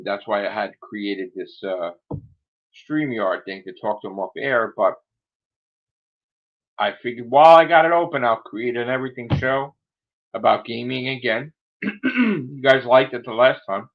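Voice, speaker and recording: A man's voice: mid-range voice, unhurried, pauses often. A man hosting a casual livestream chat, rambling through grumbling asides while losing his voice. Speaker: livestream host. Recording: dull lo-fi sound.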